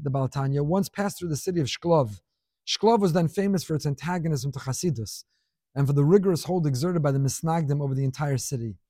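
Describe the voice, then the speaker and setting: Man teaching Torah with lively questions. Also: a little high, no room sound, studio quality. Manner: expressive, rhetorical questions, acts out quotes; mixes in Hebrew and Yiddish terms. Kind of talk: Torah class lecture.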